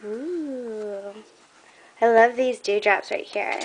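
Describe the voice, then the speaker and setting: A woman's voice: fairly high pitch, unhurried, slight background noise. A young woman showing off a craft trade in a casual vlog, gushing and admiring, a bit out of breath.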